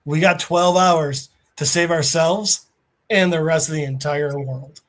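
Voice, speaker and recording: A man's voice: a little high, unhurried, a bit bright. A man voicing a panicked male scientist, delivering urgent, grim warnings in a comic retelling.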